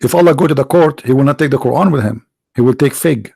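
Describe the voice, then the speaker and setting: A video host and preacher with a gravelly, creaky, medium-pitched voice delivers a mocking commentary monologue at a quick pace, peppering it with sarcastic rhetorical questions. He sounds tired yet mellow, and the recording is dry and close with no room sound.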